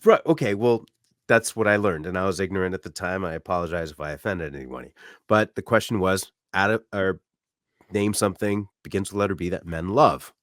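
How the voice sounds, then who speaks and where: Lively low-voiced man telling stories. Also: brisk, no room sound, clean studio sound. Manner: loud, animated storyteller who acts out shouts. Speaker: podcast co-host. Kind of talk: casual storytelling chat. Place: apartment room.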